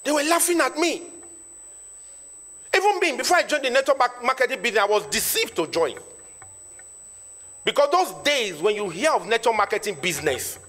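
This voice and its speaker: A man's voice: extremely high pitch, big pitch swings, fairly quick, long pauses, pushed and bright. A Nigerian man in his thirties, a network marketing trainer, giving an emphatic motivational speech to an audience and repeating lines for effect. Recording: long reverb in a hall.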